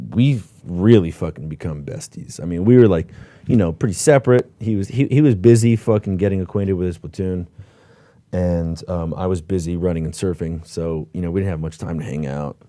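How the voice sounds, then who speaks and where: A man with a low, deep voice tells war stories in a relaxed, profane way. He laughs often and stumbles over repeated words. The sound is close and dry. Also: normal speed, no room sound. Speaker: host, former platoon lieutenant. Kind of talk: casual war storytelling.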